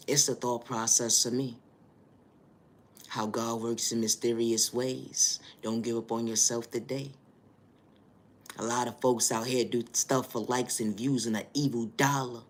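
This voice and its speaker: A man giving a preachy spiritual motivational monologue, repeating stock phrases and building to loud, emphatic bursts. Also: medium pitch. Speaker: spiritual reader.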